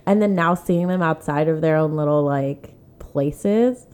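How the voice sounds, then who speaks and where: A woman's voice: deep voice, measured pace, a little mellow, clean tone. A woman hosting a casual podcast chat, talking in a chatty way full of "like" as she recounts stories. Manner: chatty, lots of "like", acts out quoted exchanges. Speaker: podcast host, comedy club manager.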